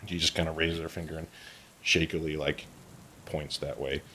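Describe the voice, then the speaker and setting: A man's voice: extremely low pitch, little pitch movement, normal speed, sharp tone, slight background noise. A man narrating a tabletop game as game master in a casual, rambling way.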